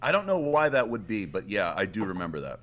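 A man co-hosting a casual stream chat, dry and joking, pausing often with "like.". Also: lowish voice, big pitch swings, a crowd in the background. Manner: dry, joking, hesitant with many "like"s. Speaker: co-host.

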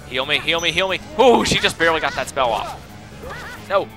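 A man giving casual, chatty commentary while he plays a game, excitable and talking to himself. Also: a little high, brisk. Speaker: let's play host. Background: game music.

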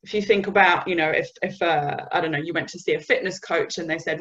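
A woman's voice: on the low side, quick pace, hardly any pauses, a bit bright, dull audio. A woman from the UK giving a conversational business communication webinar, sometimes acting out example phrases. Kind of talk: webinar presentation.

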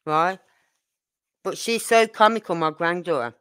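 Interviewed as a neighbour, a middle-aged grandmother chats in a rambling way, constantly asking "you know what I mean." Her fairly low, fairly bright voice is a little slow and clean, with no room sound.

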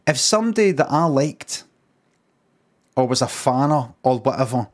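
A man's voice: mid-range voice, expressive, moderate pace. A Scottish man with a Glaswegian accent, telling a rambling, dry story in casual live-stream chat. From Scotland. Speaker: livestreamer.

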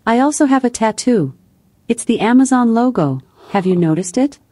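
A woman's voice: a little high, lively intonation, moderate pace, dark tone, no room sound. A synthetic woman's voice, a voice assistant giving scripted chatty replies in an evenly cheerful tone.

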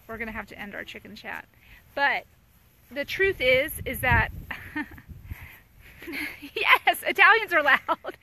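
A woman's voice: sits high, very animated, slow pace, pauses often, pushed and bright, slight background noise. A woman in her thirties, a mother hosting a casual live chat, talking candidly to viewers and answering their comments.

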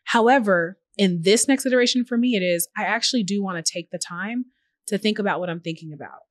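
A woman's voice: medium pitch, fast, no echo. Earnest woman on a dry close mic. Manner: earnest, animated, with playful quoted asides. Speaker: podcast guest, tech journalist and founder. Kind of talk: reflective conversational interview.

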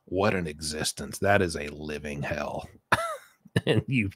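A man giving sarcastic reaction commentary on a recorded phone call, mumbling low, then bursting out in exasperation. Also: measured pace, a bit bright. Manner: sarcastic, mocking, swings between mumbling and exasperated outbursts.

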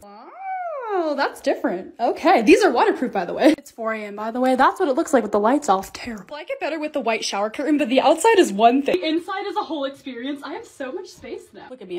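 Here a young woman vlogs about her lifestyle from her bedroom and bathroom, upbeat, chatty, and quick to tease herself. She has a high-pitched voice with a darkish tone and a breathy edge.

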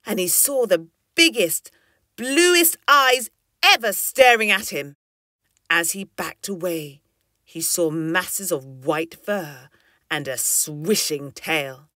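A woman reads a children's story aloud, her voice bright and lilting. Her pitch rises and falls in lively swoops, and the recording is dry and close. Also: takes it slowly, no echo. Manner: expressive and lilting.

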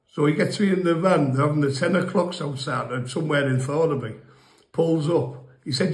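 A man's voice: a little high, a little fast. Man, chatty storyteller, rambling and profane, slightly raised voice, roomy echo. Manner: chatty, rambling, swears, laughs at his own stories. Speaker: storyteller guest. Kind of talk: casual anecdote telling. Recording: echoey room.

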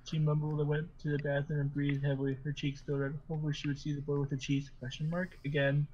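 A man's voice: a little high, monotone, fast talker, a little mellow, muffled recording, a little hiss or hum. A man hosting a podcast, reading silly stories aloud to friends and often breaking into laughter as he stumbles through them. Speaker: podcast host.

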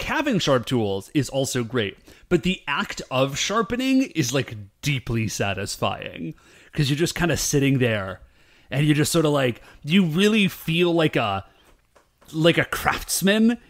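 A man co-hosting a podcast in casual chat, animated and rambling, full of fillers. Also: mid-range voice. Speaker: podcast co-host.

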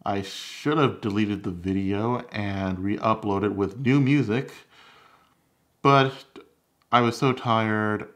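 A man's voice: fairly low pitch, slow, a bit bright. A man hosting his own cooking channel, chatting candidly and critiquing his own recipe videos. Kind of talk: casual vlog commentary.

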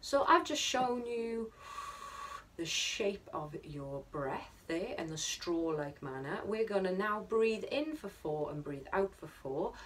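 A woman choir leader guiding a vocal warm-up, upbeat and encouraging, counting the group in. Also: mid-range voice, expressive, slow pace, slight background noise. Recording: distant mic with music behind.

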